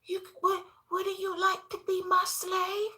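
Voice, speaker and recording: A woman voicing a spoiled, cruel little girl in a soft, high, girlish voice. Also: monotone, a little slow, full character voice. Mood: sweetly taunting.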